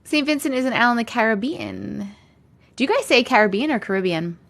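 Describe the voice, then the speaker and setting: A woman's voice: a little high, expressive, fairly quick, gravelly, a bit bright. A young woman hosting a livestream, chatting casually and greeting viewers by name with frequent giggles. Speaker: host reading viewer comments on a livestream.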